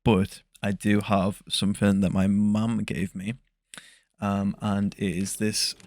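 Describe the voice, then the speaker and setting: A young English man speaking softly as an interview guest, in hesitant, soft-spoken chat full of ums. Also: lowish voice, little pitch movement, slow pace, no echo, clean studio sound. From England. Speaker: guest ASMR creator.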